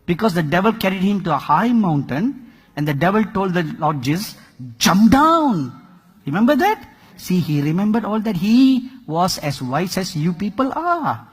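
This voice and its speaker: A man preaching a sermon, telling a story with dramatic swings in loudness and rhetorical questions. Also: high-pitched, very animated, moderate pace, breathy edge, long reverb tail.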